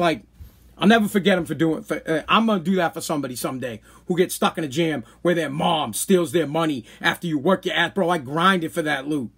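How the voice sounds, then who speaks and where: A man's voice: high-pitched, a bit bright, breathy edge. A man hosting a podcast, telling a personal story in a blunt, profane, worked-up way. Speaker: podcast host. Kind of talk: casual storytelling.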